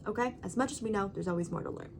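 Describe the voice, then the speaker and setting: A woman's voice: mid-range voice, racing, a little hiss or hum. A woman talking to her camera at home in a casual, rambling monologue. She is emphatic and keeps checking in with "right?" and "you know". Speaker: vlogger.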